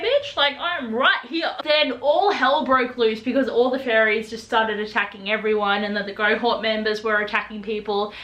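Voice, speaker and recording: A young woman giving a casual spoiler book review, gushing and excitable, sometimes acting out sassy lines. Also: fairly high pitch. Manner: gushing, excitable, acts out quotes in sassy voices. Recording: echoey room.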